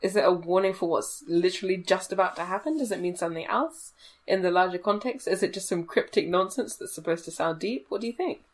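A woman's voice: on the low side, fast. A woman co-hosting a casual book discussion, posing questions and offering thoughtful readings. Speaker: podcast co-host.

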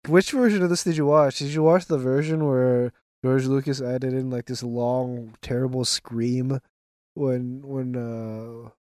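A man in a relaxed podcast chat who tells stories with lively energy, jumping into quoted voices and laughing as he goes. His voice sits in an ordinary middle register. It is recorded close and dry, with no room sound. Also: medium pitch, measured pace, no room sound. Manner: animated storyteller, acts out quotes with laughs. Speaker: podcast co-host. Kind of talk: casual chat.

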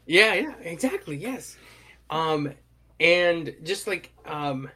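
A man's voice: on the high side, expressive, slow pace, sharp tone. A man around thirty in casual chat, rambling enthusiastically and swearing freely.

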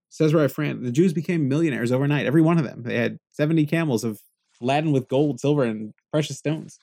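A man with a gravelly, fry-laden voice gives a lively Torah lecture. His pitch sits in a middle range but leaps high when he hammers home a point. He weaves Hebrew phrases into plain English explanation. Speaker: Torah teacher.

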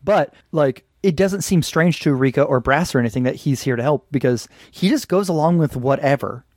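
A man's voice: fairly high pitch, fairly quick, darkish tone, no echo, studio quality. A man co-hosting a podcast in casual conversation, loosely retelling scenes with some swearing. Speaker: podcast co-host reviewing an anime.

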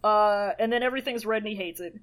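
A young woman co-hosting a podcast, recapping an episode in a laid-back way with lots of "uh"s and deadpan jokes. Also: medium pitch, quick pace. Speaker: podcast co-host. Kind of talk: casual recap chat.

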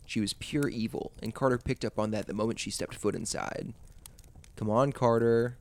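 A man hosting a podcast, narrating a suspenseful story in a measured way. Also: on the low side, vocal fry.

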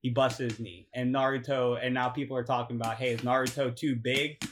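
A young man in the middle of a sports podcast rant, swearing freely and tossing out mocking rhetorical questions. His voice sits at an ordinary middle pitch and jumps up whenever he gets fired up. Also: steady tone, fairly quick, a bit bright, a little hiss or hum. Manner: profane, ranting, laughs and rises in pitch when worked up. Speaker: podcast co-host. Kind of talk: casual sports chat.

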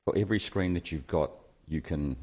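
Low-voiced co-host, casual and conversational, drives the talk with questions. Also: male voice, a little fast, darkish tone. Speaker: podcast co-host. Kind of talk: casual chat.

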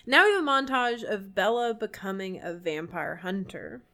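A young woman co-hosting a podcast, rambling through an animated story full of fillers in casual chat. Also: mid-range voice, normal speed. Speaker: podcast co-host.

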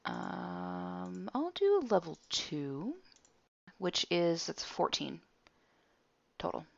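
A woman's voice: lowish voice, sing-song, slow, gravelly, dry recording, highs cut off. A woman playing in a tabletop game, hesitant and fumbling, checking on her fellow players.

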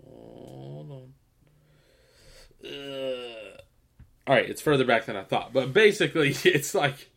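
Rambling, swearing young podcast host. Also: male voice, medium pitch, slow, creaky, pauses often, fairly bright tone. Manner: rambling, laughs often, heavy swearing. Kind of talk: casual chat.

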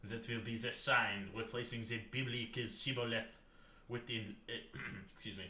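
A man's voice: fairly even intonation, moderate pace, bright, forceful tone, roomy sound, a little hiss or hum. A man doing a grave old French professor. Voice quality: low, throaty, put-on French. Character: pompous 19th-century French anthropologist, man.

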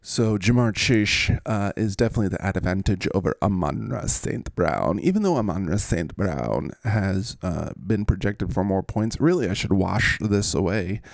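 Brief: goofy male podcast host, lowish voice, dry close sound. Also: expressive, normal speed, creaky, hardly any pauses, no room sound. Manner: goofy, playful. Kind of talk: casual fantasy sports chat.

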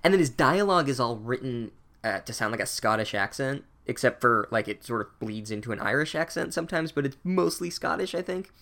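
A man recapping a book chapter with deadpan sarcasm and profane asides. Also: medium pitch, brisk, gravelly.

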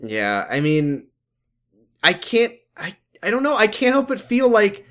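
A man's voice: sits high, unhurried. A man in casual conversation, recapping a show with dry sarcasm. His voice rises and falls a lot as he jokes and mimics the characters. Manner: lively, sarcastic, acts out characters' lines. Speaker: podcast co-host recapping a TV show. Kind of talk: casual chat.

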